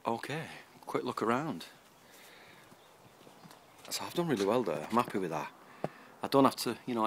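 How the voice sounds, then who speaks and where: A man with a lowish, fairly bright voice rambles cheerfully through a garden tour of his allotment, making fun of himself along the way. The outdoor camera-mic recording has slight background noise.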